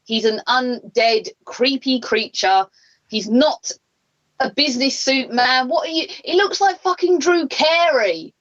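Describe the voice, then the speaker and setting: A woman's voice: high voice, a little slow. Ranting British woman on a podcast. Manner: frustrated ranting, swears freely. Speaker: wrestling radio co-host. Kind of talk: casual podcast chat. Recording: dull lo-fi podcast audio.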